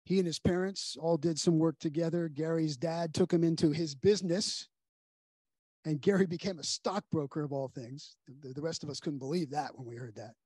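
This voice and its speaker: Male pastor, earnest sermon storyteller with a higher, husky voice that hushes for grave moments. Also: steady tone, normal speed, no room sound. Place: church sanctuary.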